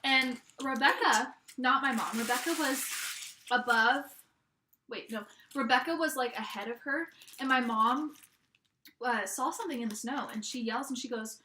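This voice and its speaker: Young woman, bright tone, slightly high, rambling casual storytelling, fillers, echoey car. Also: moderate pace, slight background noise. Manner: rambling, filler-heavy, relaxed.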